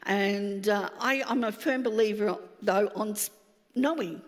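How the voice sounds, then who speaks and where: Woman in her sixties, pastor, lively sermon storytelling, long reverb of a hall. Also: medium pitch, measured pace. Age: 60s. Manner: lively storyteller, acts out quoted dialogue.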